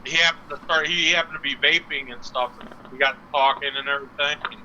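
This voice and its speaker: Man, co-host, very bright tone, crude casual chat, profane storyteller. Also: fairly high pitch, steady tone, fast talker, muffled recording, slight background noise.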